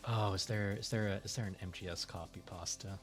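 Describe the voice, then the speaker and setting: A male streamer chats loosely while he draws, rambling along with plenty of fillers and frequent laughter. His voice sits on the lower side. Soft music plays faintly in the background. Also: steady tone, brisk. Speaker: streamer and artist. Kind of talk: casual chat while drawing on stream.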